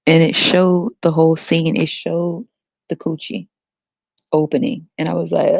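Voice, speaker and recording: Gravelly woman ranting crudely. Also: lowish voice, fairly even intonation, measured pace, long pauses, a little mellow, no room sound. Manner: blunt, crude, mocking, laughs often. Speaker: podcast host. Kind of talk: ranting casual monologue. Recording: dull lo-fi dry recording.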